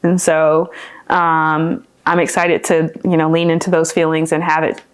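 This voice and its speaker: An earnest woman in her thirties chats with her sister on a podcast, thinking aloud with fillers and restarts. Her voice sits a little low for a woman. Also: monotone, a little slow, clear, resonant tone. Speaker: podcast guest, older sister. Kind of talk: casual chat.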